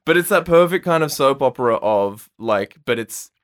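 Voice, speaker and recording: A man's voice: mid-range voice, lively intonation, moderate pace, smooth. A man co-hosting a podcast, talking enthusiastically and rambling with many restarts about comics. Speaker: podcast co-host. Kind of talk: casual chat about comics.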